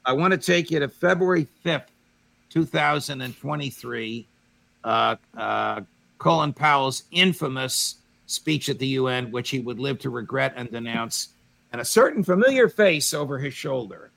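Speaking at normal speed in a mid-range voice with vocal fry, a man hosts a roundtable discussion over a remote call. He's an animated storyteller who presses his guests with pointed questions.

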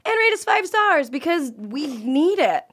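High, lively woman podcast host. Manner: playful, giggly, quick to riff. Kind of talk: casual comedic podcast chat.

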